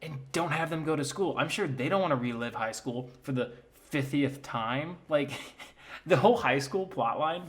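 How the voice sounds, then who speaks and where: A man's voice: on the high side, lively intonation, moderate pace. Sarcastic young man recapping a movie. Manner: casual, sarcastic, filler-heavy with mocking character impressions. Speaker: comedy commentator.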